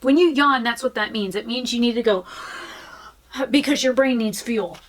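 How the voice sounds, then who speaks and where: A woman's voice: fairly high pitch, normal speed, low-quality recording. A woman vlogging in a frank, chatty way, with fillers and restarts. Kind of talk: candid casual talk to camera.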